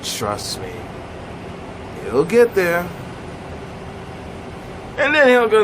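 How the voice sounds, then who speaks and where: A man giving a blunt comic rant to camera, animated and emphatic, sitting in a car. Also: noisy background. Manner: animated, swooping pitch, drawn-out emphatic phrases. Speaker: vlogger.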